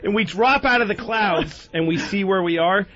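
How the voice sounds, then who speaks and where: A man telling a profane, animated story on a talk radio show, acting out the voices of the people in it. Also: high voice, moderate pace. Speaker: guest comedian. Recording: dull radio broadcast with faint noise.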